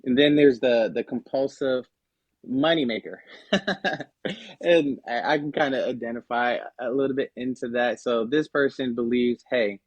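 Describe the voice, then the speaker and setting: Speaking at a moderate pace in a steady, medium-pitched voice, a male guest on a personal finance podcast explains money personality types. His delivery is casual and conversational, with frequent fillers and restarts, and there's no room sound.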